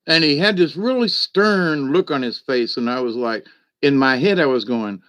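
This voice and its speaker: A South Georgia man hosts a live stream, telling rambling stories to his chat in a chatty way packed with "you know" and "but anyway." His medium-pitched voice moves at normal speed and sounds a bit bright, with no echo.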